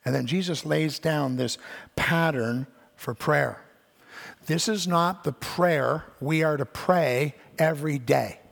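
An older pastor delivers a sermon in a church sanctuary, his voice slightly high, slow and gravelly. He tells stories with animation, performing the voices of those he quotes, and the hall gives the sound a long reverb.

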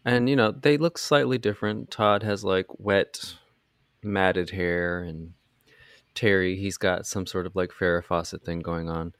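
A man hosting a podcast, recapping a movie in casual chat with animated sarcasm and free swearing. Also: low voice, unhurried, clean tone, dry recording, studio quality. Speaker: podcast host.

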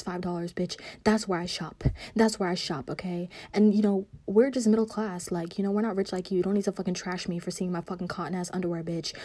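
A woman's voice: medium pitch, mellow, no echo. Woman ranting to her phone, cussing a lot, sassy, sudden whispers, dry close sound. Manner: profane, rambling, with sudden whispered asides; sassy, scolding an absent target. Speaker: vlogger. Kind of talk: casual rant.

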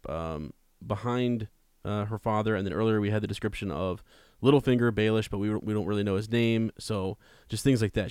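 A man co-hosts a podcast, chatting casually about a book and reading passages aloud with frequent restarts. His voice is fairly low, a little mellow, clear and resonant, captured at studio quality with no room sound. He's conversational, repeats words, and reads the quotes plainly.

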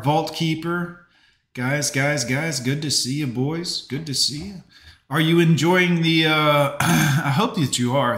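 A man hosting a live stream, chatting quickly and greeting viewers by name. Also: a little high, fairly bright tone, roomy sound. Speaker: livestream host. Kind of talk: casual live-stream chat.

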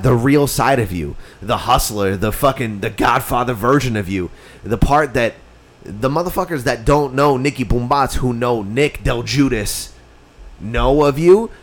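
A man telling a long story in casual chat, swearing constantly and acting out the people in it. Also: medium pitch. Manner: profane storytelling, mimics others' voices.

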